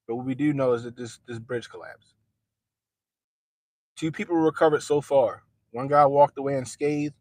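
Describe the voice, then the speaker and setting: A man's voice: mid-range voice, a little mellow, no echo. A man hosting a casual livestream, talking straight to his viewers in loose, slangy everyday speech. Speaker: livestream host.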